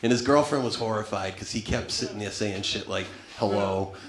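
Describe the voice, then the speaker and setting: A man's voice: on the low side, a little fast, echoey room, crowd noise. A man in his thirties doing a stand-up comedy set, profane and wry, rambling and cutting himself off mid-sentence. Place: small comedy club stage. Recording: live club room with audience laughter.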